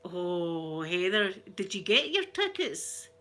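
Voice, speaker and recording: A Scottish woman hosting a relaxed live stream, chatting and giggling as she answers viewer comments. Her voice is bright and forward. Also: on the low side, takes it slowly. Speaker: ASMR channel host. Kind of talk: casual live-stream chat.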